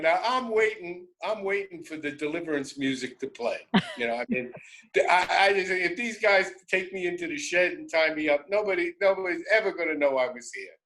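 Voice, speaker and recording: A man telling a road story on a radio show, animated and self-interrupting, often laughing. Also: fairly high pitch, low-quality recording. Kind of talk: casual storytelling.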